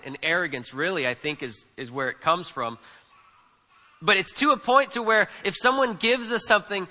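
The voice of this male pastor sits high and comes across pushed and bright, echoing with long hall reverb. He delivers an emphatic, conversational sermon, frequently repeating words and checking in with the crowd with "right?".

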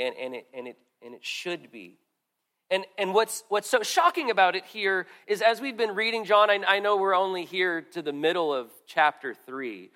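Middle-aged male pastor, sermon, slightly high voice, earnest, loud then soft, conversational restarts. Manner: earnest, rises and falls in loudness, drops to quiet asides; conversational with restarts and repeated words.

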